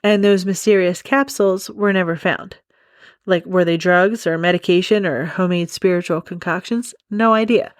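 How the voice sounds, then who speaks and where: A woman's voice: fairly low pitch, no room sound, clean studio sound. A young woman hosting a casual true crime podcast, rambling off on tangents and laughing often. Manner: rambling, giggly, goes off on tangents. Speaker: podcast host.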